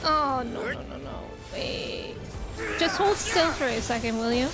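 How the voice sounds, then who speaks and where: A woman's voice: high-pitched, animated, a little slow. A woman streaming a game, giving chatty, jokey, slangy commentary as she plays. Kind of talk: casual gameplay commentary. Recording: loud game music behind.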